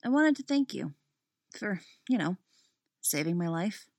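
A woman voicing a shy, sweet young woman who talks in an earnest, flustered way, pitched well above her own voice. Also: sing-song, a little slow, darkish tone, no room sound, studio quality. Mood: grateful.

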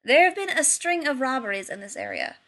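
A man's voice: extremely high pitch, big pitch swings, fairly quick, sharp tone, voice pushed up, exaggerated voice. A woman doing a polite, long-suffering sidekick man.

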